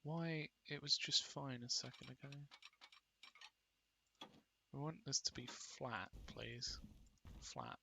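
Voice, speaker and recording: A man's voice: mid-range voice, lively intonation, slow pace, creaky, pauses often, bright, forceful tone, a little hiss or hum. A man giving casual commentary while playing a game, muttering to himself and getting mildly exasperated. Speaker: gaming video creator.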